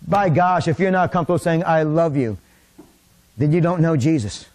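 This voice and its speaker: A middle-aged man preaching a sermon in a church, impassioned, rising to near-shouts. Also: a little high, lively intonation, brisk. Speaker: pastor. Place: church sanctuary.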